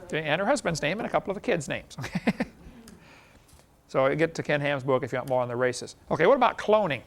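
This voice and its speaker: A man teaches a class in a relaxed, folksy way, sprinkling in anecdotes and chuckling at his own jokes. His voice sits somewhat high and has a gravelly edge. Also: quick pace. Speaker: lecturer.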